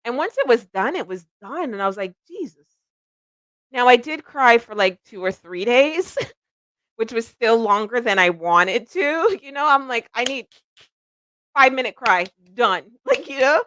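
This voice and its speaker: A woman's voice: a little high, expressive, normal speed, a bit bright, no echo. A middle-aged woman hosting a psychic livestream, chatting casually and rambling, laughing at herself often.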